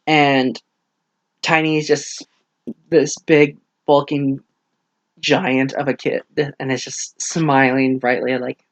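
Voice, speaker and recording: Young guy ranting about a book, talks fast n jumpy, super dry mic, no room at all. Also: medium pitch, no room sound. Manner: rambling, animated retelling with acted-out quotes. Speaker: book reviewer. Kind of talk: casual spoken book review.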